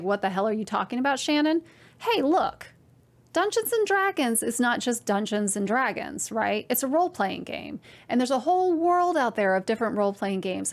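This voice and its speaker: A woman hosting a knitting podcast from home, talking to camera in a chatty, excitable way and addressing her viewers directly. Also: a little high. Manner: chatty and excitable, full of "like" and "you guys". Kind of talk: casual chat to camera.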